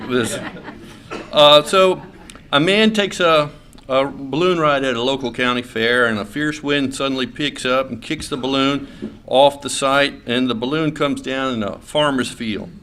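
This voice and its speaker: Man, middle-aged, from Louisiana, folksy club speech, halting with fillers, joking. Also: medium pitch, a bit bright. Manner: folksy, hesitant with many fillers and restarts, joking. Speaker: state senator giving a speech. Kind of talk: after-lunch club speech. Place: club meeting room.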